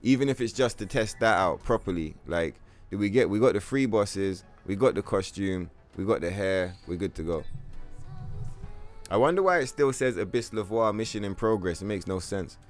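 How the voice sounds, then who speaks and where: A man streaming a video game, chatting casually with his viewers in a profane, animated rant. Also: fairly low pitch, moderate pace, faint music behind. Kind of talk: casual live-stream chat.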